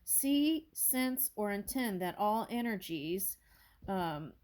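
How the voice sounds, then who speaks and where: A woman tarot reader talking casually and reading prayers aloud. She jumps from thought to thought, apologizes for it, and breaks into high-pitched amazement. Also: slow pace. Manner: scattered and excitable, apologizing and backing up. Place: home with her dog nearby.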